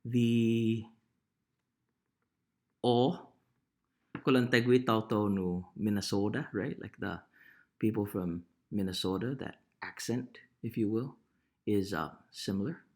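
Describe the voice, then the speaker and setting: Male teacher, low voice, slow casual explaining. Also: darkish tone. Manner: unhurried, often checks in with "right?". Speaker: language teacher. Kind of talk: casual pronunciation lesson.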